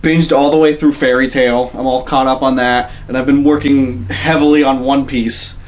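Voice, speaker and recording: A man's voice: mid-range voice, flat delivery, normal speed. A man on a podcast, easygoing as he recaps what he has been up to in casual chat. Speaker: podcast co-host.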